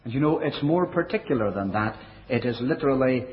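A man preaching a sermon in a measured way, dropping his voice low and soft for quoted verses. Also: animated. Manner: measured preaching, quoting scripture in older English. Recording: dull, lo-fi recording.

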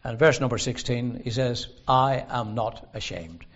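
A man preaching a sermon in a gospel hall, earnest and emphatic, slowing down to stress the scripture he quotes. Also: medium pitch, a bit bright. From Northern Ireland. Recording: dull lo-fi sermon recording.

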